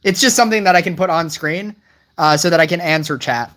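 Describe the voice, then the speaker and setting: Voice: mid-range voice, brisk. Rambling, puzzled game streamer. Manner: rambling and puzzled, many restarts; wry, gently teasing the chat. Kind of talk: casual live-stream chat.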